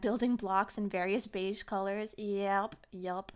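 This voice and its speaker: A woman's voice: medium pitch, fairly even intonation, slow pace, smooth. A woman from Canada, a streamer ranting sarcastically in a casual chat stream from home.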